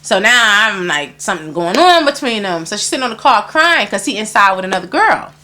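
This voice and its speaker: A woman guest in an interview, telling a story in casual talk, animated and acting out other people's lines, swearing often. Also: medium pitch, fairly quick.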